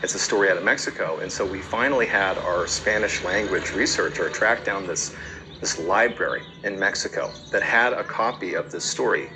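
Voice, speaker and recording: A man's voice: low-pitched, normal speed, background noise. A man hosting a podcast, telling a story casually and conversationally, with fillers and repeated words. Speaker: podcast host.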